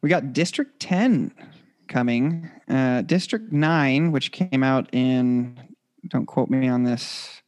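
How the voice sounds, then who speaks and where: A man co-hosting a podcast, chatting in a relaxed, halting way. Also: mid-range voice. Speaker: podcast co-host. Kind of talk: casual chat.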